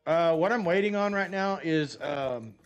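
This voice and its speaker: A man's voice: fairly high pitch, expressive, a little slow, faint music behind. American man rambling through a gaming stream. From United States. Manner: rambling, swears freely, lots of fillers. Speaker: game streamer. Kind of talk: casual gameplay commentary with storytelling.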